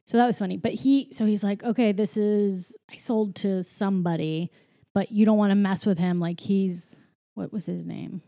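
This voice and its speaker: A woman's voice: mid-range voice, fairly even intonation, moderate pace, gravelly, mellow, dry recording, clean studio sound. A woman recapping a movie in a casual chat, full of "like" and "you know", often giggling.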